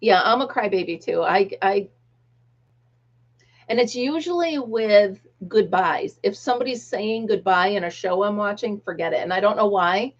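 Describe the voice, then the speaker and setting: A middle-aged American woman hosts a casual livestream chat, reading viewers' comments aloud and laughing often. Her voice is medium-pitched at a normal speed, and the lo-fi stream audio sounds dull.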